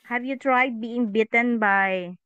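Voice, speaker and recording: Leading a video-call English lesson for children, a woman asks question after question with patience, dropping "okay" frequently. She speaks slowly in a clean, high-leaning voice with no echo, though the call microphone leaves the audio thin and phone-like.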